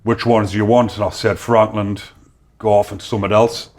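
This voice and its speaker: A man's voice: lowish voice, level tone, moderate pace, darkish tone. A man with a North East English accent, a podcast guest telling stories in casual chat and acting out quoted voices. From North East England. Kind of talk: casual storytelling.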